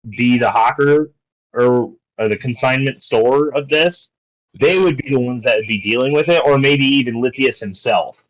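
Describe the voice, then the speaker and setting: A man's voice: mid-range voice, moderate pace, rough recording. A man running a tabletop game as dungeon master, laying out prices and choices and owning up to his mix-ups. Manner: explains rules, apologetic over mix-ups.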